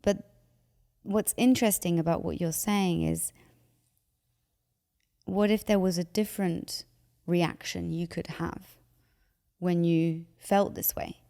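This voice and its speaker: Animated woman with a gravelly edge. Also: fairly low pitch, slow pace, long pauses, big-room sound. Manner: animated, acts out anxious inner voices. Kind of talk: conversational advice.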